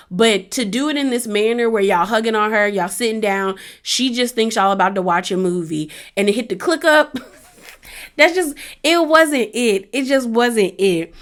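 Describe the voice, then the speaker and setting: A woman's voice: on the high side, normal speed. A woman hosting a casual review of a reality show episode, chatty and laughing often as she acts out what the cast said. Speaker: reality TV recap host.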